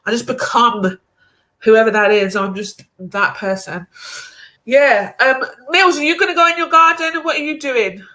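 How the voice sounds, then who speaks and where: Brief: young woman, live stream host, chatty and lively, bright slightly high voice. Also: moderate pace. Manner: chatty, animated, laughs easily. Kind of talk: casual chat.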